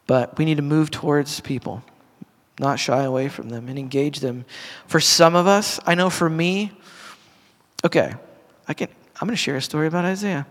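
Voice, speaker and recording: A middle-aged pastor speaks to his congregation in an earnest, conversational way, often restarting his sentences and turning to ask the room questions. His voice sits a little high for a man. The sound carries the long reverb of a church hall. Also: normal speed, fairly bright tone. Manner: earnest, conversational, with frequent restarts and asides to the audience. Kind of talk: casual sermon to a congregation.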